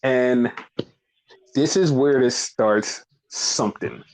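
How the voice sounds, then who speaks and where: A man casually recapping a wrestling show, talking in an animated, profane way. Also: slow, rough recording. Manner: animated, profane, acts out quotes in high voices. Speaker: podcast co-host.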